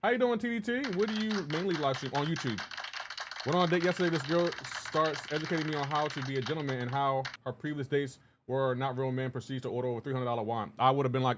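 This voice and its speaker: A male streamer talking casually to his live chat in a relaxed, mid-pitched voice. He greets viewers by name with bursts of enthusiasm and laughs easily. Faint keyboard typing is heard in the background. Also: fast talker, a little hiss or hum.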